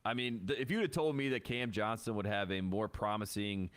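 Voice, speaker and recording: A man's voice: lowish voice, a little fast, fairly bright tone, smooth. A man co-hosting a sports podcast, giving loose, chatty basketball analysis full of fillers. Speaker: podcast co-host. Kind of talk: casual sports chat.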